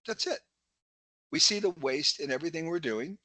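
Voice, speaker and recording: A middle-aged man giving a webinar talk, telling energetic stories full of quoted dialogue. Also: a little high, fast talker, no echo. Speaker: keynote speaker. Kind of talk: webinar presentation.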